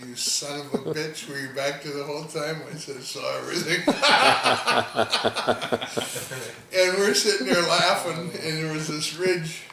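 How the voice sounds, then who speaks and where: A man's voice: on the high side, creaky, bright, forceful tone. A man telling a rambling hunting story in an interview, laughing as he goes. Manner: rambling, laughs through his own story. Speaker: deer camp hunter telling stories. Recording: echoey room with background noise.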